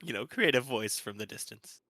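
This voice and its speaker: A man's voice: medium pitch, animated, brisk, crowd noise. A man playing a tabletop game, eager and scheming, talking as his character. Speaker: player. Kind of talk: tabletop role-play.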